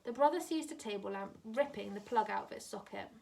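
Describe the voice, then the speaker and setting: A woman teacher reading a novel aloud to her class in a steady, measured way. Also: mid-range voice, gravelly, far from the mic.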